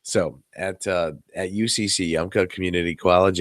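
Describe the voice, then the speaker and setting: A man with a very low voice co-hosts a casual late-night podcast, sounding tired as he rambles and jokes. He swears casually between stories. The sound is dry and close. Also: fairly even intonation, moderate pace, no echo. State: tired, yawning. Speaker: podcast co-host. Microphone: webcam setup.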